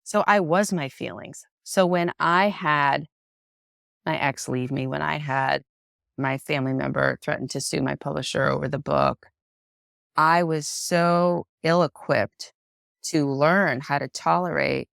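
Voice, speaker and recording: A woman psychotherapist speaking as a podcast guest in an unscripted, frank and personal way, reflective and expressive. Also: low-pitched, takes it slowly, creaky, dry recording, clean studio sound. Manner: reflective, expressive, acts out quoted voices.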